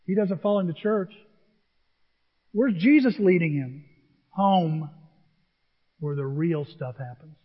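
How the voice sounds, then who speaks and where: A male pastor preaching a sermon, animated and acting out the people he quotes. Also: on the high side, slow pace, long pauses, breathy edge. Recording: dull sound in a large reverberant hall.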